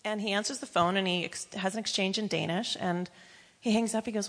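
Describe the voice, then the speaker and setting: A woman's voice: medium pitch, fairly even intonation, fast talker, a bit bright. A woman telling an earnest personal testimony story to a congregation, quoting the people she met as she goes. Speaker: church member giving a testimony. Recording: reverberant church hall.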